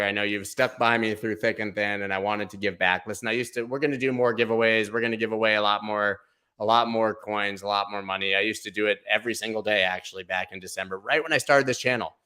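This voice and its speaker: A man hosting a casual livestream giveaway, chatty and playful, now and then slipping into a booming sports-announcer voice. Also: bright, forceful tone, smooth. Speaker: livestream host.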